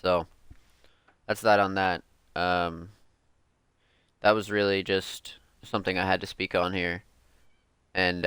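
On his music podcast, a young man with a low-pitched voice goes on a heated, casual rant, full of profanity, slang, and endless "like" and "bro." The sound is a bit bright, clear, and resonant, without any room sound.

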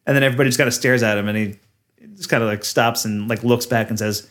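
Podcast guy retelling a movie, laughs a lot, lots of uh and like, normal pitch. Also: steady tone, fast, a bit bright. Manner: laughing, recapping a film with lots of fillers. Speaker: podcast co-host. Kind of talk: casual chat.

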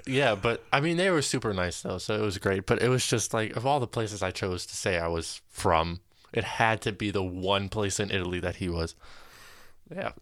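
A man's voice: fairly low pitch, normal speed, fairly bright tone, dry recording. Young man, podcast co-host, laughs through his stories, says "like" a lot, dry close mic. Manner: laughs often while telling stories, uses "like" a lot. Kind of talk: casual storytelling chat.

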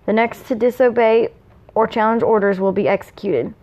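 A woman's voice: a little high, steady tone, moderate pace, a little mellow, dull audio, natural voice. A woman reading aloud the curt commands of a stern male lord.

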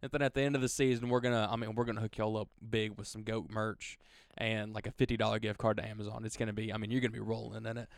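A man's voice: lowish voice, little pitch movement, fast, gravelly, dry recording, studio quality. A man hosting a casual podcast, wisecracking and explaining things at length. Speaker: podcast host.

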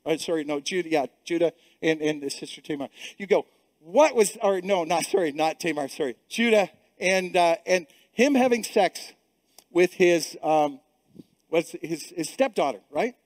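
A man's voice: fairly high pitch, lively intonation, moderate pace, no room sound. A middle-aged male pastor preaching a sermon with emphatic repetition and frequent restarts. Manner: emphatic, repeats words, many restarts.

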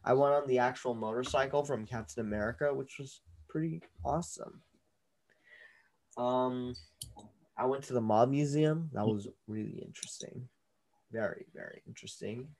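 A man hosting a casual podcast from his own mic on a video call, his voice sitting at an ordinary middle pitch. He talks loosely and playfully, quick to tease and bicker with his co-host. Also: darkish tone.

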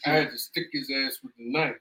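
A man's voice: mid-range voice, steady tone, fairly quick, sharp tone. A man co-hosting a casual podcast chat, making plain, matter-of-fact remarks. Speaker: podcast co-host. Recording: echoey room.

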